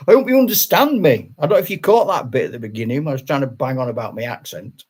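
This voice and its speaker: A man's voice: mid-range voice, animated, very fast, darkish tone, slightly rough. An older retired man, a channel host, chatting casually on a live stream, rambling with restarts and laughing often.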